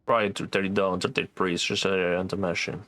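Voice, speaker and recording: A man's voice: sits low, little pitch movement, moderate pace, bright, forceful tone. A man with a Quebec French accent making short, offhand remarks as he streams a video game. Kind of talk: casual let's-play commentary.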